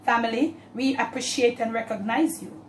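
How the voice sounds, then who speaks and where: A woman from Jamaica with a Jamaican accent, hosting a casual cooking vlog, chatting warmly and slipping into patois. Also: on the high side, moderate pace, roomy sound, slight background noise. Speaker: cooking channel host.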